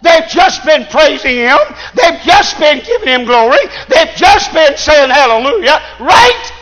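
A man preaching a sermon, shouting in call-and-response style. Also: extremely high pitch, expressive, measured pace, rough recording.

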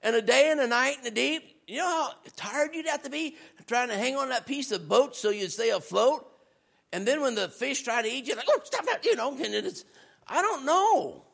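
Preaching as a visiting minister, a man talks loosely and animatedly with the congregation, his voice creaky. He builds to shouts in places, then drops lower and slower for scripture readings.

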